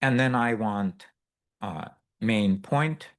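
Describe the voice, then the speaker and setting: A man teaching a live workshop, walking through a software demo in a loose, explanatory way with many fillers and asides. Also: on the low side, takes it slowly. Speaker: workshop instructor. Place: workshop room with a live audience.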